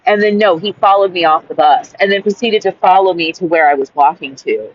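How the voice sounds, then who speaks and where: A woman's voice: on the low side, a little fast. A woman who reads her old journal entry aloud, then tells the story in a frank, rambling way with lots of "like"s and a bit of swearing. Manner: rambling, with many "like"s and restarts; frank and exasperated, swears freely. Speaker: vlogger. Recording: slightly dull lo-fi recording.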